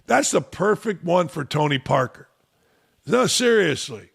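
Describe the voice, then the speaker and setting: A sports talk host on a sarcastic rant, mocking as he goes. His voice sits a little high for a man and has a gravelly, creaky texture. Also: sing-song, normal speed, fairly bright tone.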